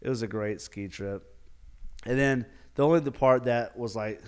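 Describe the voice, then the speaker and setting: A man spins a casual podcast yarn with an animated, chuckling delivery and plenty of "like"s. His voice is smooth and clear in the middle range, the easygoing tone of a youth minister talking to friends. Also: medium pitch, normal speed. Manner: animated, chuckling storyteller with many fillers. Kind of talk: casual storytelling.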